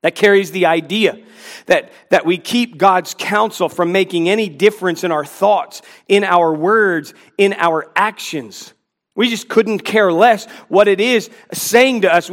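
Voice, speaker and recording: A man preaching a sermon to a congregation, earnest and pleading, with quick asides to the listeners. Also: high voice, fairly bright tone. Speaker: pastor. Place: church in front of a congregation.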